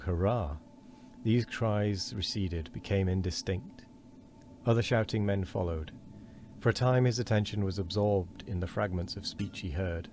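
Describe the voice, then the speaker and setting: A man reads a novel aloud in a steady, measured way. His voice sits very low. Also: slight background noise. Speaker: streamer reading a book aloud.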